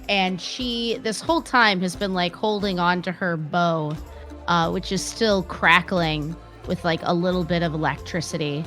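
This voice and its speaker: A woman's voice: lowish voice, measured pace, a bit bright, soft background music. A woman playing a tabletop game, speaking hesitantly with many fillers. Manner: hesitant, filler-heavy speech. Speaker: player. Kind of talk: casual tabletop play.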